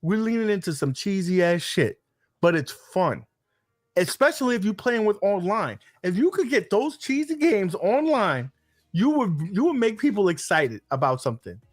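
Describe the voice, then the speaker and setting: A man co-hosting a casual gaming podcast, joking and swearing through animated banter. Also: high voice, moderate pace, no room sound, studio quality. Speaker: podcast co-host.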